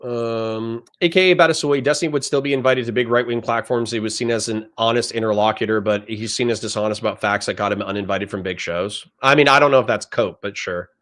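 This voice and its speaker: A man's voice: lowish voice, fairly quick, hardly any pauses, a bit bright. A man on a livestream reading chat comments aloud and answering them in a blunt, profane, lecturing rant.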